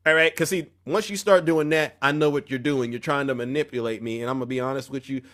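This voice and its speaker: A man's voice: mid-range voice, fairly even intonation, fast talker, a bit bright. A man hosting a live stream with a confrontational, preachy manner, calling out viewers in chat. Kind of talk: heated political live stream rant.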